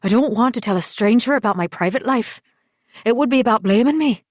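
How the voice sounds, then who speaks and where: A woman voicing a defensive, dismissive husband who brushes off his wife's accusations, speaking louder and brighter than her narration. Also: high-pitched, very animated, normal speed, no room sound, studio quality, voice pushed up. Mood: exasperated.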